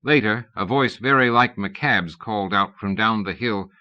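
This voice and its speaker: A man reading an audiobook, narrating in a measured, wry storytelling manner. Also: fairly low pitch, pushed and bright. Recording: dull lo-fi cassette recording.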